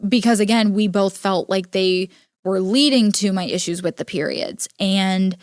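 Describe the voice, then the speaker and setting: A young adult woman hosting a podcast, telling a personal story in an earnest, halting way with many filler words. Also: medium pitch, a little mellow, no echo, studio quality. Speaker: podcast host. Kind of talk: personal storytelling, casual monologue.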